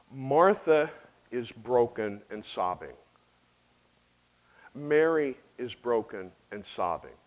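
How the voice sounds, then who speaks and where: A man's voice: medium pitch, rough recording. A man preaching an expository sermon in an earnest way, asking rhetorical questions and repeating phrases for emphasis. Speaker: pastor.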